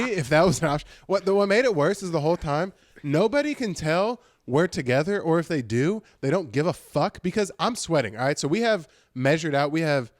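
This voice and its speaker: Podcast co-host, male, lively storyteller with a swinging pitch, a touch high, dry studio sound. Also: dry recording. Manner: animated, swearing, mimics people in high voices. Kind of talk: casual chat, storytelling. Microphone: studio podcast mic.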